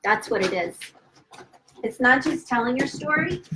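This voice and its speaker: A woman author on a livestream, emotional and close to tears, gushing with excitement and stumbling over her words as she celebrates her new book at home. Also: a little high, background noise. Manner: gushing and excited, halting with restarts. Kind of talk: casual livestream chat. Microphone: phone or webcam livestream.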